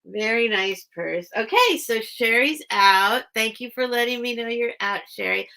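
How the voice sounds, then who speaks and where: A woman hosts a casual live-stream sale, talking slowly with a gravelly edge to her voice. Her tone is bright and a touch tense, and she keeps cutting off her own sentences as she reads out bids. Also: medium pitch. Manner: chatty, self-interrupting, reads out bids. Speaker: online live-sale seller.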